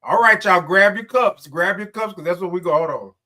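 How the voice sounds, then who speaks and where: A man's voice: high voice, fairly quick, sharp tone. A man hosting a casual morning livestream, greeting viewers by name and stretching out his sung greetings. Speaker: livestream host.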